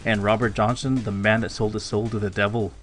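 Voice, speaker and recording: A man's voice: fairly low pitch, flat delivery, fairly quick, a bit bright, soft background music. A man co-hosting a podcast in casual chat, joking in an offhand way. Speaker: podcast co-host.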